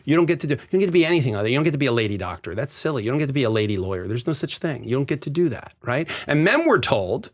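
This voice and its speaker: A middle-aged man talking as a podcast guest in casual chat, animated and profane, acting out the voices he quotes. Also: mid-range voice, racing, few pauses. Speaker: podcast guest, divorce lawyer. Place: tent.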